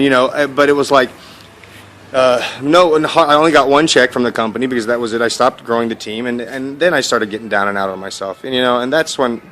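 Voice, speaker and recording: Man, candid storyteller, rapid rambling delivery with many restarts, faint room ambience. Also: mid-range voice, a bit bright, a little hiss or hum. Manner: rambling, candid, many false starts and repeated words. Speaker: online entrepreneur sharing his story. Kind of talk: casual personal storytelling. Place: at home in India, dog and kids nearby.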